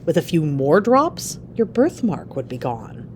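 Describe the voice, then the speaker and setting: A woman voicing an obsessive, impatient male scientist husband in a story read aloud, sharp and agitated when crossed. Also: low-pitched, very animated, unhurried, a little hiss or hum. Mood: reassuring.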